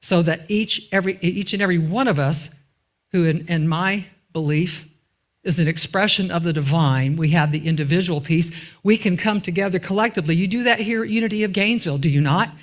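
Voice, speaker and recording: A woman's voice: fairly low pitch, a little fast. A woman minister giving a conversational sermon in a church, often asking the congregation questions and dropping in informal asides. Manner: asks the congregation rhetorical questions and waits for answers. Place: church sanctuary.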